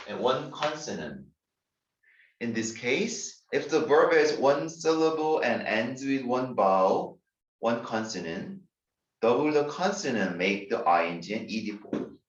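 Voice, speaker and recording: Slow, echoey Korean-accented male teacher. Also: medium pitch, expressive. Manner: slow, deliberate, spells words out letter by letter. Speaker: English teacher. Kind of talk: grammar lecture. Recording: distant, dull, echoey room recording.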